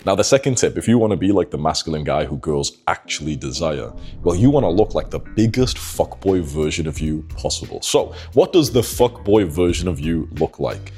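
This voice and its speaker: A man's voice: sits low, animated, brisk, hardly any pauses, a little mellow, soft background music. A young man giving dating advice in casual talk to the camera, sitting indoors late at night, blunt and swearing. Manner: blunt, swearing, confiding, persuasive. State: tired late-night morning voice.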